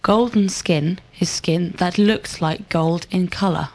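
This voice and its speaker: Woman reciting measured drill answers. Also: fairly low pitch, darkish tone. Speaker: model student.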